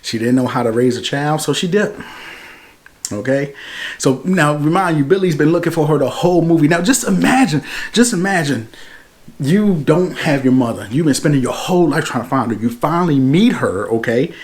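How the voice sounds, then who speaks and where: A man's voice: on the high side, normal speed. Casual man retelling a movie plot. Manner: animated plot retelling with slang and acted-out quotes. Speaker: movie reviewer. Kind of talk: casual spoken film review.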